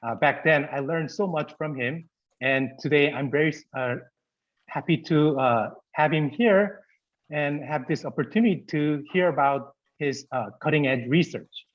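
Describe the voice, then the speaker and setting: Moderator, muffled video call. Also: male voice, fairly high pitch, unhurried. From Korea. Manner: polite and formal, with frequent fillers. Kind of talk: formal introduction of a speaker.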